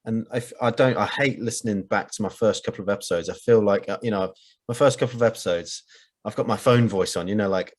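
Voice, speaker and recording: A man with a fairly low voice hosts a podcast. He is upbeat and encouraging toward his guest, and he pokes fun at himself along the way. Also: fast talker. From United Kingdom. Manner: enthusiastic, encouraging, self-deprecating. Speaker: podcast host. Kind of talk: casual conversation.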